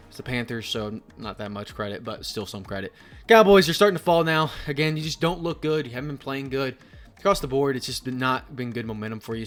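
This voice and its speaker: A young man talks through a casual sports vlog in a rambling, profane way. He drops to low mutters, then flares into loud rants. Faint music plays under his voice. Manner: rambling, profane, swings between mumbling and loud outbursts. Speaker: sports video host.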